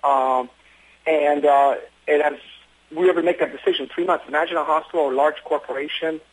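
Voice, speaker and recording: A man who works as an emergency physician, telling stories in an interview with earnest, quick talk and frequent restarts. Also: fairly high pitch, fairly even intonation, slightly rough, poor audio. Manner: fast, earnest storytelling with many restarts. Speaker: emergency physician running an urgent care. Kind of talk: interview conversation.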